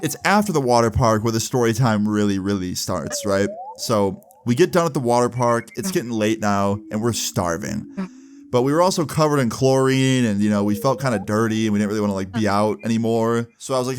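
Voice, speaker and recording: A man's voice: fairly low pitch, a little fast, slight background noise. A man in his twenties casually telling a personal story, laid-back and rambling, full of "like" and "right?". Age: 20s. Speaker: storytime YouTuber. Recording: background music under voice.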